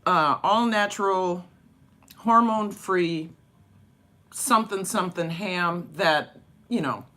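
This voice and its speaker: A woman's voice: on the low side, takes it slowly, fairly bright tone. A woman vlogging casually over breakfast at home, chatty and rambling, laughing often. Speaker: vlogger and dance teacher.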